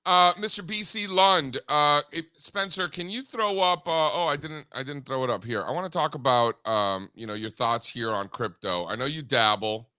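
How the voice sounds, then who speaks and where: A middle-aged man hosting a show, chatting casually in a blunt, profane and animated way. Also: fairly high pitch, moderate pace, few pauses, clean tone, no room sound, studio quality. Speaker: host. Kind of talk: casual chat.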